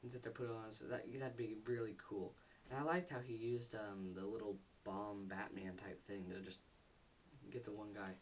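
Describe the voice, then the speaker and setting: A teenage boy giving a rambling, excitable casual film review for his vlog. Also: on the low side, normal speed. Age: teens. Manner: rambling and excitable, with restarts and giggles. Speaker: movie reviewer. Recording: distant, dull lo-fi audio with faint hiss.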